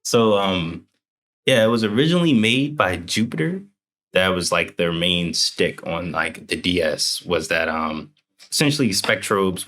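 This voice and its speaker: A young man co-hosts a casual podcast, talking in a loose, rambling way and joking as he goes. His voice sits low and deep, with a bright, forceful edge. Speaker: podcast co-host.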